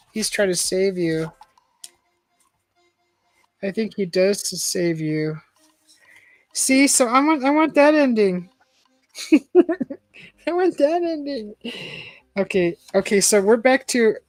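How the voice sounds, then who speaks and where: A woman's voice: medium pitch, darkish tone, no echo. A woman hosting a casual live-stream, reading a choose-your-own-adventure book aloud, chatting and laughing often.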